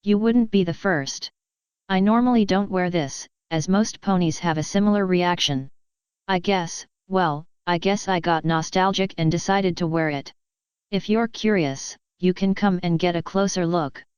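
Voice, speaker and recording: A woman's voice: lowish voice, unhurried, a little mellow, clean tone, no echo, lightly acted. A woman voicing a regal, once-warlike pony princess who speaks formally, in a storybook reading. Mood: gentle. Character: stern warrior pony princess, commanding yet tender.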